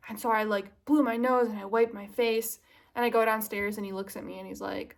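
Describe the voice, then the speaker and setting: A woman's voice: medium pitch, steady tone, a little fast. A young woman vlogger chatting casually to the camera, confiding and self-mocking, drifting into earnest musing.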